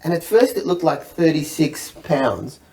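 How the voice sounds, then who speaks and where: A man from Egypt telling a comic story on a panel, animated, acting out the people in it and laughing through his lines. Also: fairly high pitch, measured pace, recorded from a distance, a little hiss or hum, rough recording. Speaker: comedian guest.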